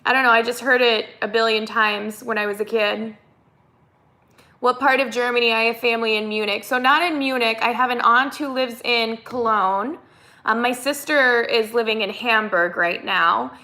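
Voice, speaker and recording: Her voice sits fairly high, bright and pushed, with a steady tone at a moderate pace. An American woman with a Minnesotan accent, she runs a relaxed live stream where she chats, reads out viewer comments, and responds to each.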